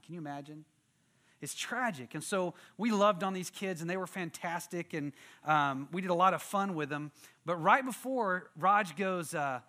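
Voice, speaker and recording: A man from Texas, telling a lively story as part of a sermon and acting out voices and sounds. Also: high-pitched, normal speed. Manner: animated, acts out quotes and sound effects.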